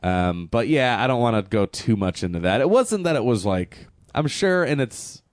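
A man's voice: mid-range voice, big pitch swings, normal speed, no room sound, studio quality. A man co-hosting a casual movie review podcast, talking in a blunt, exasperated, sarcastic way. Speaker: podcast co-host.

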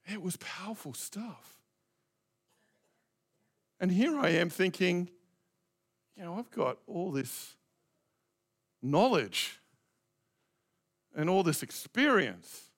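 A man's voice: high-pitched, animated, slow pace, long pauses. A middle-aged male pastor preaching a reflective, conversational sermon, asking his congregation direct questions.

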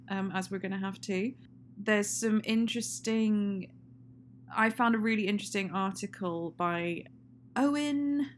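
A woman co-hosting a casual film chat, rambling and laughing often. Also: medium pitch. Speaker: podcast co-host. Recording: faint hum and noise.

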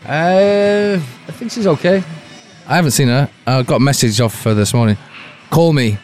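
A man's voice: fairly high pitch, fairly even intonation, moderate pace, darkish tone. A man chatting casually as a guest, telling dry, rambling stories and acting out quotes in other voices. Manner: dry, rambling storyteller who acts out quotes. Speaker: guest musician. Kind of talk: casual chat. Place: Cork, Ireland.

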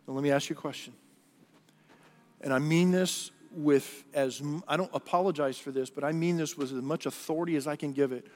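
A man's voice: fairly high pitch, fairly quick, a little mellow, big-room sound. A man preaching a sermon as pastor, earnest and conversational, often repeating and restarting his words.

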